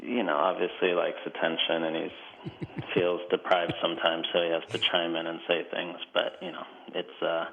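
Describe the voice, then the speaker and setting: A man's voice: deep voice, completely flat delivery, normal speed, creaky, lo-fi sound. A male former soccer player on a remote line as a radio guest, talking in an easygoing, wry and self-deprecating way. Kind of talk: relaxed interview.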